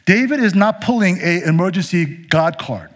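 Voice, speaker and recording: A man preaching a sermon, earnest and expressive, slowing down to stress key phrases. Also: sits high. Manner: earnest, expressive, slows for emphasis. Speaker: pastor.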